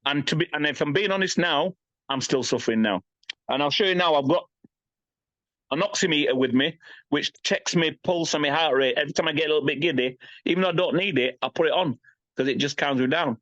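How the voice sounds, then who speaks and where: A man's voice: on the high side, a little fast, a bit bright, no room sound. A man in his fifties, a guest on a podcast, talking candidly in a blunt, emphatic way and often asking "you know what I mean". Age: 50s. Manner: blunt, emphatic, swears freely. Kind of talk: candid interview talk. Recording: slightly dull lo-fi sound.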